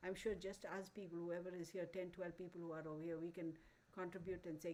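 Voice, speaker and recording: A woman's voice: fairly low pitch, level tone, fast talker, a little mellow, low-quality recording. Blunt, cursing woman ranting on stream. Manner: blunt, profane, heated; many fillers and restarts. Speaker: channel host. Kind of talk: live-stream rant to viewers.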